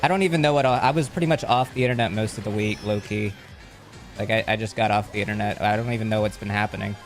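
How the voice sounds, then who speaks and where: A man's voice: lowish voice, steady tone, fast talker, soft background music. A man livestreaming casually, rambling and joking while he reads chat aloud and thanks subscribers.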